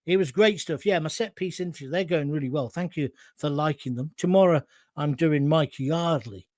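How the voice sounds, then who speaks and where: A man's voice: fairly high pitch, moderate pace, darkish tone, no room sound, studio quality. A middle-aged man hosting a live talk show, chatting through viewer comments and wandering into anecdotes.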